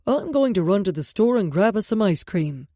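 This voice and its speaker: A woman's voice: mid-range voice, very animated, moderate pace, mellow, dry recording, studio quality. A woman voicing a friendly man who speaks lightly and casually. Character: friendly man, mother's partner.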